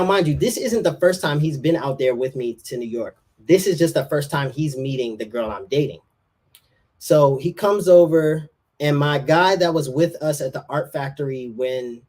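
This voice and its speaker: A man's voice: medium pitch, a little mellow. A young man telling a personal story as a podcast guest in casual slang, rambling and saying bro and like often.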